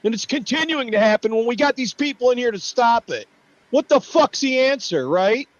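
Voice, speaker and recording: A man on a livestream rants in a fury, swearing and shouting down at politicians. His voice sits high and swings widely in pitch. The sound is dry and a little dull. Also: lively intonation, moderate pace, no echo. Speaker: livestream host. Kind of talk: angry profane rant.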